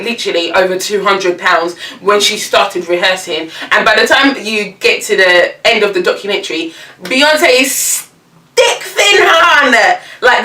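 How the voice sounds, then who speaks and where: A young woman chatting casually as a vlogger, animated and slangy, laughing often. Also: medium pitch, reverberant, distant mic. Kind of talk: casual chat.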